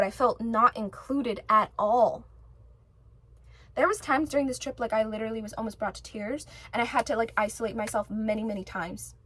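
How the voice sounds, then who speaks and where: Woman vlogger, slightly high voice, emphatic rambling monologue, swears a lot. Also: a little fast, breathy edge. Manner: many fillers and restarts. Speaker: spiritual vlogger. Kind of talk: casual monologue to camera.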